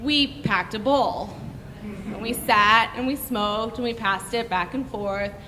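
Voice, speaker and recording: A young woman telling a story on stage in a brash, profane, animated way. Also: mid-range voice, slow, in a large hall, a little hiss or hum.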